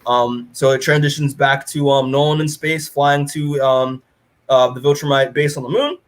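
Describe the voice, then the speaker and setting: A man co-hosting a podcast, recapping a comic in casual chat, rambling with lots of fillers and retelling scenes in an animated way. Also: medium pitch, moderate pace. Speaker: podcast co-host.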